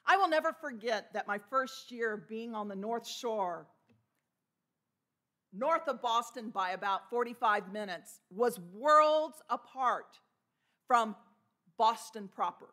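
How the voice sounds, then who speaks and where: Bright high-voiced woman preacher from Texas. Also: animated, takes it slowly. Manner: storytelling with laughs and imitated voices. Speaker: pastor. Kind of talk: sermon. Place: church sanctuary.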